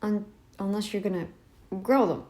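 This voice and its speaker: A woman's voice: medium pitch, moderate pace, warm tone. A woman hosting a reaction channel, giving a casual commentary that is emphatic and sarcastic, firing off rhetorical questions at the listener. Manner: sarcastic, addresses listeners directly.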